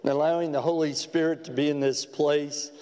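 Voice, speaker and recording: A man preaching a sermon in a church, folksy and storytelling with gentle humor. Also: on the high side, fairly even intonation, brisk, clean tone. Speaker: pastor. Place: church sanctuary. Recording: long church hall reverb.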